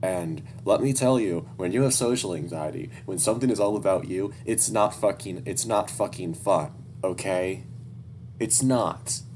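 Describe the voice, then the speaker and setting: A young man with a very low, deep voice reads a story aloud, dropping into candid, casual asides full of swearing. There's a faint hum in the background. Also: moderate pace, darkish tone. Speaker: story reader.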